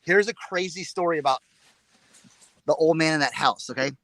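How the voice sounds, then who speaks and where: Man, slightly high voice, bright forceful tone, excitable rambling storyteller, dry close mic. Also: moderate pace, no echo. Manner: excitable, rambling, repeats words. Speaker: reseller show co-host. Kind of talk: casual storytelling chat.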